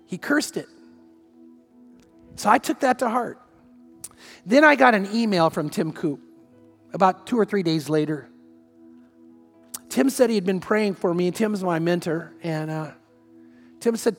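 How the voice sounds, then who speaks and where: A man's voice: sits high, lively intonation, moderate pace, pauses often, in a large hall, faint music behind. A man preaching as pastor, telling stories conversationally and asking repeated rhetorical questions. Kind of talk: sermon.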